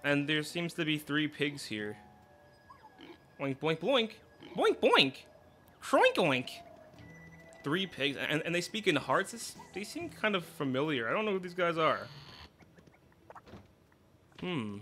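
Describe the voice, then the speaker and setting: A woman hosting a casual let's play, chatty and expressive as she reacts to the game. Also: sits low, a little slow, faint music behind. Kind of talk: casual gameplay commentary.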